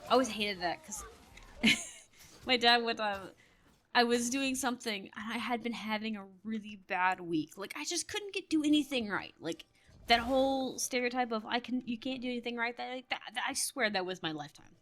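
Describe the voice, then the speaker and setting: A woman's voice: fairly high pitch, expressive, moderate pace, fairly bright tone. A woman chatting casually while playing a game, telling stories in a rambling way and laughing often. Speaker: gamer. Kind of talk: casual gameplay commentary.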